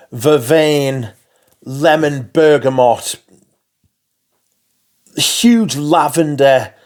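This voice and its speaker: Enthusiastic sweary man, unhurried. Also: medium pitch. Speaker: fragrance reviewer. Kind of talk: casual chat.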